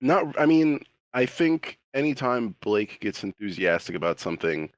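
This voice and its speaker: A man co-hosting a casual podcast chat, talking with warm enthusiasm. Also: mid-range voice, very animated, moderate pace, no echo, low-quality recording. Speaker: podcast co-host.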